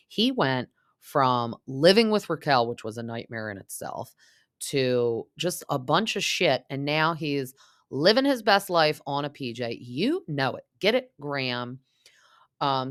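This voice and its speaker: A woman's voice: extremely low pitch, no room sound, clean studio sound. A woman hosting a casual reality-TV recap podcast, gossipy and chatty, full of "like" and "um". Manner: gossipy, frequent "like" and "um", mimics cast members.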